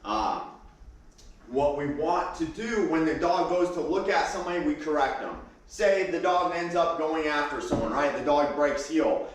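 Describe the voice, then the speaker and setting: Calm man teaching dog training, echoey room. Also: on the high side, moderate pace. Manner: calm, instructive, with many fillers and restarts. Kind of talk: casual training demonstration. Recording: very echoey room, mic far off.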